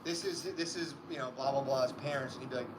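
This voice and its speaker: A man's voice: medium pitch, steady tone, quick pace. A man in casual chat, telling profane stories with frequent laughter. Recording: noisy background hiss.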